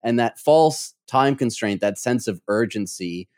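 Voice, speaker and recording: A male podcast host asking thoughtful, measured interview questions. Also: mid-range voice, lively intonation, a little mellow, clear, resonant tone, no room sound, clean studio sound.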